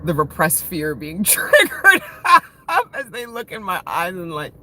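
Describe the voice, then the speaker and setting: A woman's voice: fairly low pitch, huge pitch swings, a little slow, pushed and bright. A woman in her thirties giving a casual live-stream tarot reading, swearing freely, laughing often and talking with open emotion. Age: 30s. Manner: profane, laughing, emotional and playful. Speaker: tarot reader.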